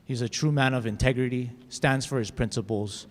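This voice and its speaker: A man's voice: mid-range voice, steady tone, a little fast. A man, folksy senator, tribute speech full of fillers, echoey chamber. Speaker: state senator. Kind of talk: formal floor tribute. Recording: legislative chamber with long reverb.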